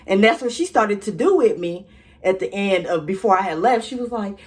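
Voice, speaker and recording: A sassy young woman talks straight to her viewers in a casual storytime vlog. Her voice sits at a middle pitch, and her delivery is animated and chatty. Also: fairly quick. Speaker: vlogger.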